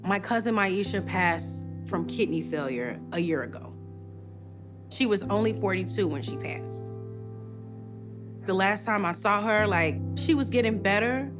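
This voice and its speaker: A woman's voice: medium pitch, lively intonation, a little slow. A woman who is a singer, telling a personal story in a reality show interview. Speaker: audience member and singer. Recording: interview with music bed underneath.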